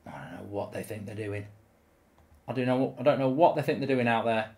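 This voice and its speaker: A man's voice: medium pitch, brisk, mellow. A man hosting his own channel, giving live commentary over a football management game, full of ranting, swearing and exasperated outbursts. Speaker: gaming YouTuber host.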